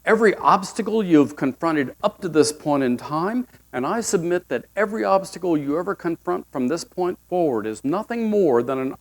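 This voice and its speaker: Male pastor, sermon, folksy and humorous, somewhat high voice.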